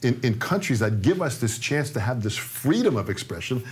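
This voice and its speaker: A man's voice: medium pitch, big pitch swings, moderate pace, a little mellow, slight background noise. A man in his sixties teaching a live-streamed drum lesson, coaxing and joking as he repeats his instructions. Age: 60s.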